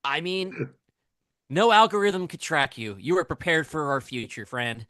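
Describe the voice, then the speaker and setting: Man playing an eager teen duelist, bright. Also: fairly high pitch, animated, unhurried, dry recording, studio quality.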